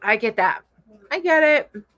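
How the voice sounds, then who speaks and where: A woman's voice: high-pitched, lively intonation, a little slow, a bit bright, dry recording. A middle-aged woman hosting a casual live stream, reading viewer comments aloud with a giggly, bubbly manner. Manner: bubbly, giggly, coos at her cat. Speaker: live show host.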